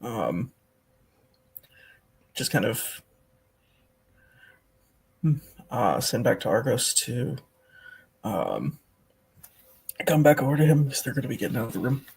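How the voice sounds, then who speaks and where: Gravelly, breathy-voiced hesitant player. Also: medium pitch, sing-song, darkish tone. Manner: hesitant, halting with fillers. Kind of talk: casual tabletop play.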